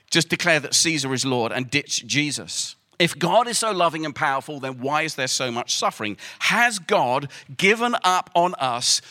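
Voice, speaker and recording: A man preaching a lively, emphatic sermon to a live audience in a hall. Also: on the high side. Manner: lively, emphatic, asks the audience to repeat words.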